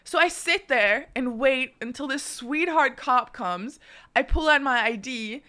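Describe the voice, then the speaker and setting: High bright-voiced woman telling a story. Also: unhurried. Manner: animated, profane, laughs often. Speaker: streamer. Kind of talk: casual storytelling chat.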